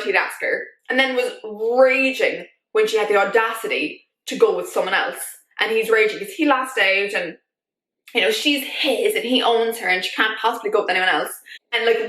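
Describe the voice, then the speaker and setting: A woman vlogger talking in a casual, animated way, full of fillers as she shares her opinions. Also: on the high side. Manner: chatty, animated, many fillers like "like". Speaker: YouTube vlogger. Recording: echoey room.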